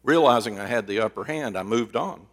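Animated male preacher telling folksy stories. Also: medium pitch, fairly quick. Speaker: pastor. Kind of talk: sermon. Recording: long reverb of a large hall.

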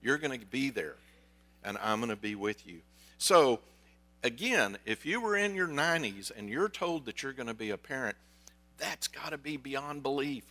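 A man's voice: medium pitch, expressive, normal speed, sharp tone. A man preaching a sermon as a pastor, telling stories in a conversational way and asking his listeners questions. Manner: conversational storytelling, asks the congregation questions.

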